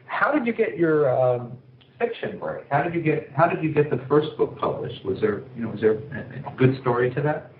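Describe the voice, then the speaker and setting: A man's voice: fairly high pitch, animated, moderate pace. A man hosting an interview, asking questions in a joking, hesitant way with many fillers. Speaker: interview host. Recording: tinny phone line in an echoey room with faint noise.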